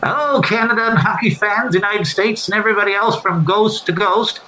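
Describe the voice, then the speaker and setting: A man's voice: high voice, fairly quick, soft background music, rough recording. A man impersonating a veteran male hockey radio play-by-play announcer in an old-time broadcast style. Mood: excited. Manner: old-time broadcast delivery, rising excitement.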